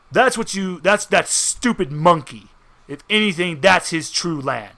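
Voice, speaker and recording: A man's voice: fairly high pitch, sharp tone, heavily acted. A man doing a scheming three-faced god. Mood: explaining. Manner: measured, bargaining. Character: calm scheming four-armed three-faced male god.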